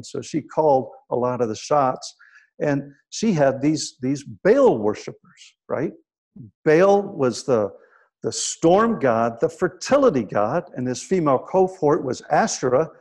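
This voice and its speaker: A man preaching a sermon, telling scripture stories in a conversational way with frequent "right?" asides, and dropping to a hushed voice for quiet moments. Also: on the high side, animated, measured pace.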